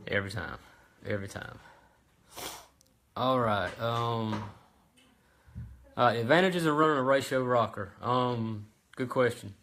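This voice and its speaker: A man hosts a casual how-to livestream from his work bench, his voice sitting at an ordinary middle pitch. He talks in a relaxed, chatty way and often stops to um and restart his sentences. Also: slow, pauses often, slight background noise. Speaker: host of a racing parts livestream.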